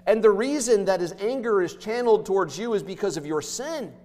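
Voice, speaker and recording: Male pastor, emphatic sermon delivery, fairly high voice, big echoing sanctuary. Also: animated, brisk. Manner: emphatic preaching, swinging between loud and hushed. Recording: long hall reverb.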